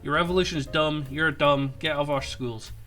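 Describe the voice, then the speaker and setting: A man's voice: fairly high pitch, steady tone, a little fast, over loud music. A man ranting sarcastically in an online commentary video, with stumbling restarts. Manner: sarcastic, mocking, rambling. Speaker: political commentator.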